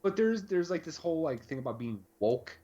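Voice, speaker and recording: A man's voice: on the high side, very animated, brisk, mellow, highs cut off. A man co-hosting a live stream, talking in a rambling, casual way with plenty of fillers. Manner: rambling, conversational, lots of fillers. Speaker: podcast co-host.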